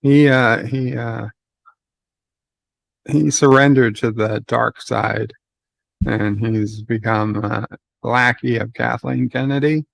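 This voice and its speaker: A man chatting casually on a livestream, joking and quick with asides. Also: mid-range voice, fairly even intonation, gravelly.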